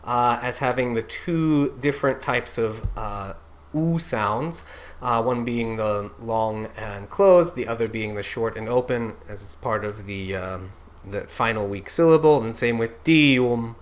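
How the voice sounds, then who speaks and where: A man teaching German-style Latin pronunciation, talking haltingly with many fillers and slowly singing out example words. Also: medium pitch, expressive. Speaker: diction coach.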